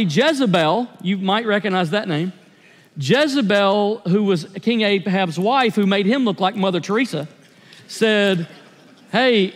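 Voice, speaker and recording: Male pastor, sermon delivery, earnest and confessional, higher voice, long hall echo. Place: church sanctuary.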